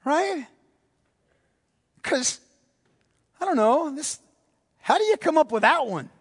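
A male preacher giving a sermon, emphatic and repeating key phrases, swinging between loud and hushed delivery. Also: extremely high pitch, sing-song, slow. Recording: long reverb of a large hall.

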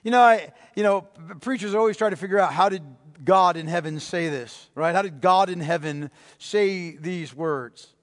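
A male preacher giving a sermon, emphatic and repeating key phrases, swinging between loud and hushed delivery. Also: sits high, moderate pace. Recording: long reverb of a large hall.

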